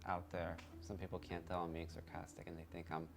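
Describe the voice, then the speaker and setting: A man's voice: deep voice, completely flat delivery, a little fast, creaky. A young man with a slight lisp answering interview questions in a blunt, dry, sarcastic way with short replies. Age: young adult. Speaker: interview guest, college student. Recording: faint music underneath.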